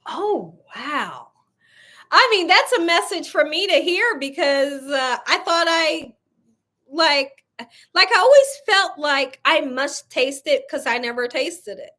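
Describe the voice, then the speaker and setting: Her voice high-pitched, sharp-toned and lively yet slow, a woman hosts a casual home cooking stream. With the window open, she chats freely, laughs often and reacts to comments from viewers.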